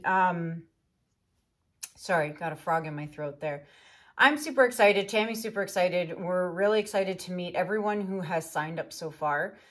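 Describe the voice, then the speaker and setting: A woman artist hosts her own painting vlog in a home studio. She talks casually and cheerfully to the viewers, filling pauses with ums as she shows her work. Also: mid-range voice. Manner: chatty, upbeat, lots of fillers. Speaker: acrylic pour artist and channel host.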